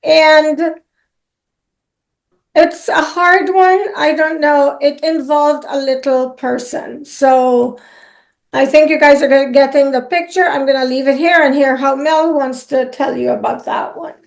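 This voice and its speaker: High-pitched gravelly woman host. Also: steady tone, unhurried. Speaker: channel host. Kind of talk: casual storytelling chat.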